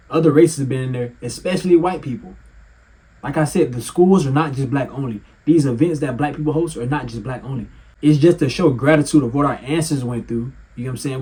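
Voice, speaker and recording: A man giving heated reaction commentary with a mocking, animated manner, swearing and laughing often. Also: mid-range voice, breathy edge.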